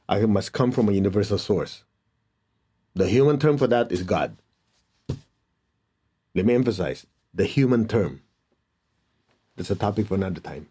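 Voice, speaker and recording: A man leads a guided meditation in a calm, unhurried voice. His tone is mellow and dark, and his instructions are gentle and soft-spoken. He sounds like a teacher guiding a group through prayer and stillness. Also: fairly low pitch, slightly rough.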